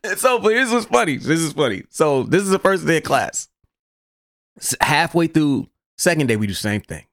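A man hosting a podcast, telling a story in a casual, animated, profane way. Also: a little high, normal speed, no echo, clean studio sound. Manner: animated, profane, laughs through his story. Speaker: podcast host.

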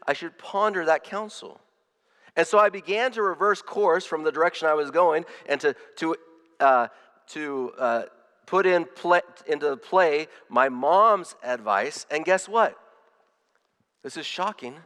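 A man's voice: a little high, fairly bright tone, big-room sound. A man preaching a sermon as pastor, earnest, often repeating words and restarting his phrases.

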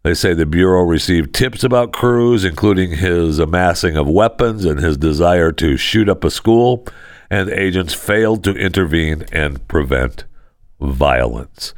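A man's voice: low voice, lively intonation, unhurried, dry recording, studio quality. A man hosting a sarcastic news commentary show, talking with mocking, sardonic asides. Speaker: host.

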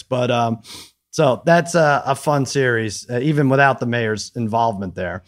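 A man co-hosting a casual sports betting podcast, animated and quoting others as he talks. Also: medium pitch, normal speed. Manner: animated, quotes people in put-on voices. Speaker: podcast co-host.

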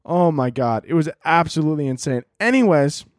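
Fairly high-pitched and fairly quick, this young podcast host rants profanely through his stories on a solo comedy show despite a sore throat. He gets animated and shouts when imitating others, and the studio-quality audio has no echo.

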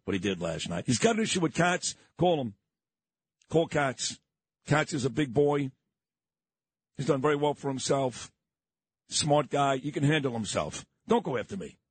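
愤怒的纽约口音男电台主持人. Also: male voice, a little high, breathy edge. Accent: New York. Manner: combative, indignant, repetitive. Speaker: radio morning show host. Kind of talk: radio talk show rant. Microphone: studio microphone.

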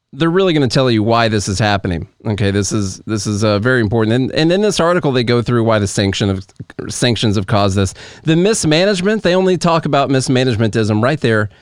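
Podcast co-host, male, smooth and resonant, dry close sound, casual commentary over articles and charts. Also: medium pitch, animated, fairly quick, dry recording. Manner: reads articles aloud and explains charts with asides.

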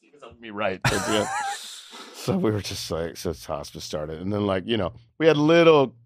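Deep-voiced man telling a raw story. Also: very animated, dry recording, clean studio sound. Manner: emotional, halting, many restarts and fillers. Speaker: interview guest, comedian. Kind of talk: candid conversational storytelling.

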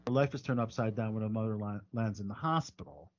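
A man's voice: lowish voice, fast talker, muffled recording. A man hosting a casual podcast, reading movie news and rambling with many ums and restarts. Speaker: podcast host.

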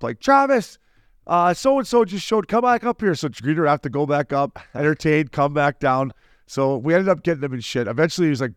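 A man in his forties, a former hockey player co-hosting a podcast, telling stories in a lively, casual way and acting out quotes. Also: medium pitch, clear, resonant tone, no echo, clean studio sound. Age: 40s. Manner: fast, animated storyteller who acts out quotes. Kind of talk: casual storytelling chat.

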